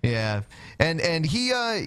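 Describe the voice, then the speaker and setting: A man hosting a podcast, asking halting questions to a guest in casual chat. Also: a little high, sing-song, fairly bright tone, clean tone, dry recording. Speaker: podcast host.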